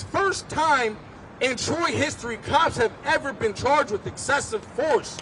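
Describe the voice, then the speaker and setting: A man giving impassioned personal testimony at an outdoor street rally, telling his story intensely and rising at times to shouts. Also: very high-pitched, a little slow, background noise.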